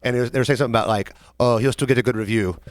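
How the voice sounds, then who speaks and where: A bartender co-hosting a casual podcast chat, this young man with a Southern American accent tells an animated story from his job, mimicking customers in quoted voices. He talks rapid-fire at a medium pitch, with no room sound.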